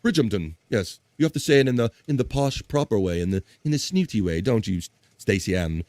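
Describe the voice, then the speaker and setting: A man's voice: fairly low pitch, animated, a little fast, darkish tone, no room sound. A man hosting a casual livestream chat show, chatting and reading viewer comments aloud. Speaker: host.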